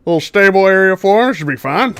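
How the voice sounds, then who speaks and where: A man's voice: high voice, lively intonation, fairly quick, voice pushed up. A man voicing an irritable one-legged male ship quartermaster who barks orders. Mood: bossy. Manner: shouting, barking orders.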